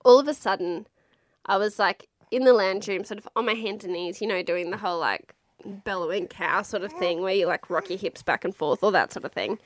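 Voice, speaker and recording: Woman in her thirties, casual candid storytelling, swears a lot, mid-pitched voice, dry close sound. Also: fairly quick, dry recording. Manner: frank, chatty, swears freely, lots of fillers. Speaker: mother telling her birth story.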